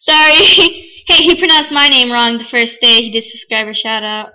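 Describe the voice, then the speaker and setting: A woman's voice: fairly high pitch, moderate pace, bright, forceful tone, poor audio. A teenage girl chatting casually in a vlog, rambling and giggling, often apologizing. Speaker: vlogger. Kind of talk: casual chat.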